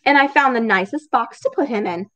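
A cheerful, literal-minded young housemaid, as a woman puts her on for a storybook, sounding pleased and innocent. Her voice sits up high in a sweet, lifted register. It swings up and down with a sing-song bounce. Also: lively intonation, fairly quick, fairly bright tone.

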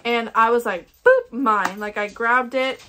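This candle vlogger, a young woman with an Ohio accent, chats enthusiastically and casually about scented wax melts. Her fairly high voice has a sharp tone and fairly even intonation at normal speed. A little hiss or hum is audible.

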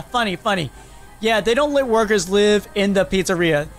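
A man's voice: high-pitched, animated, a little slow, soft background music. A man voicing a confused, anxious young man trapped in a fox costume, rambling in a Minecraft role-play. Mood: baffled. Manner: rambling, anxious, restarts a lot.

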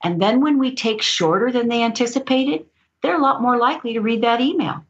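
A woman guest on an interview podcast, telling stories in an animated way and laughing often. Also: on the high side, brisk. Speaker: guest author. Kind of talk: storytelling interview. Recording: dull lo-fi audio.

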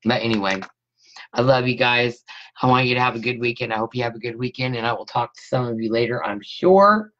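Her voice rumbles low, with a flat delivery and quick pace. She's a scrapbooking host streaming live from her home craft room, talking to viewers while she works and keeping up friendly, easygoing commentary between steps, captured in dull, lo-fi sound.

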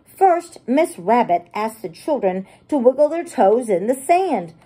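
A preschool teacher reads a picture book aloud to young children, animated and gushing as she talks to them. Her voice is a little high and breathy-edged, and she keeps a measured pace.

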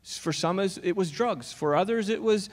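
Male pastor with a high voice, preaching conversationally to his congregation; church hall with a long reverb tail. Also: normal speed. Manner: conversational, questions the congregation directly. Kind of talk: sermon. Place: church auditorium.

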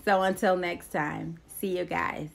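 Fast-excitable woman reading a devotional. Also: on the low side, vocal fry. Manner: excitable, exclamatory, laughs often. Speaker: devotional reader. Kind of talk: reading and commenting on a daily devotional. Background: faint worship music.

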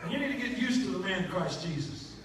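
High, fervent preacher man in church. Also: sing-song, a little fast. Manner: emotional preaching, rising to shouts and snatches of hymn. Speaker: bishop preaching. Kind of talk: sermon. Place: church sanctuary. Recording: echoey church from far off, with noise.

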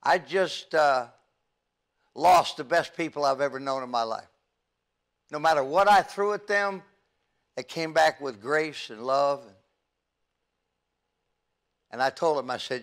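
An older man and youth evangelist giving an earnest, halting testimony from the pulpit, with frequent stammers and restarts. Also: fairly high pitch, fairly bright tone. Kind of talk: testimony sermon.

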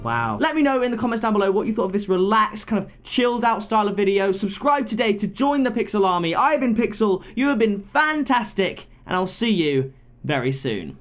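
A young man hosting a relaxed gaming video, chatting in a playful, mock-dramatic way. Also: high voice, a little fast. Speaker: gaming channel host. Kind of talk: relaxed let's-play commentary. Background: faint game music.

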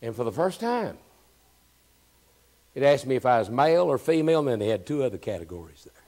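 A man preaching a sermon as pastor. He moves between hushed, almost whispered lines and loud, emphatic, repeated phrases. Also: mid-range voice, very animated, fairly quick. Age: 60s. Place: church.

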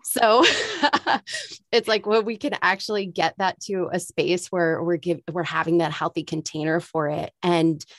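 Here a woman with a low voice hosts a podcast conversation, effusive and heartfelt, often breaking into laughter. Her voice is close and dry, with no room sound around it. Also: fairly even intonation, moderate pace, hardly any pauses, no room sound. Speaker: podcast host. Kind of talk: conversational interview.

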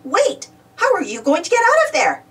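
A woman's voice: very high voice, wildly swooping pitch, normal speed, far from the mic, voice pushed up, full character voice. A woman voicing a small, timid boy gardener who panics and stammers. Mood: worried. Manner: panicky, stammering when scared.

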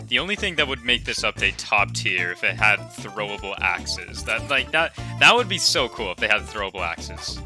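A man giving excitable gameplay commentary, breaking into loud shouts, laughter and playful beep noises. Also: lowish voice, moderate pace, hardly any pauses. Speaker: gaming video creator. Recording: clear background music. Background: background music.

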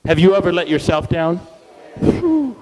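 A man speaking as a guest at a church service, energetic and playful, leading the crowd in call-and-response chants. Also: high-pitched, measured pace. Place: church hall. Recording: long reverb of a church hall.

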